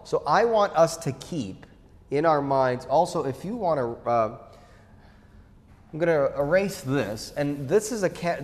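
A man's voice: mid-range voice, a little mellow. A man preaching a conversational sermon as pastor, asking questions and acting out quotes in a casual way. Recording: long hall reverb.

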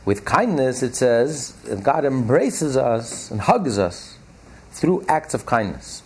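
A man leads a class, expounding a text with emphatic repetition and slowing down on the phrases he wants to land. His voice has a gravelly fry and a husky, slightly rough edge. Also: mid-range voice, very animated. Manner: emphatic, repeats key phrases slowly. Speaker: Torah class teacher.

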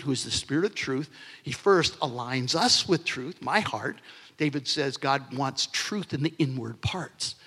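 A man's voice: mid-range voice, fairly bright tone, breathy edge. A man in his sixties preaching a sermon as pastor, earnest, swelling into emphasis and dropping to near-whispers. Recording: long hall reverb.

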